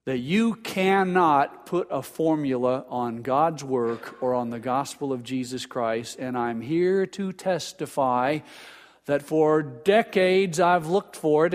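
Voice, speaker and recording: Older male pastor preaching in a reverberant sanctuary. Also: on the high side. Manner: earnest, stammers and repeats words, builds emphasis. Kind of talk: sermon. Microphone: pulpit microphone.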